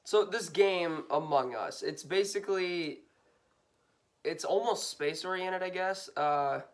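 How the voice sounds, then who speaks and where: A man's voice: high-pitched, slow. A man co-hosting a casual podcast with his brother, laughing, swearing and rambling with fillers. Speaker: podcast co-host. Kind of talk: casual chat.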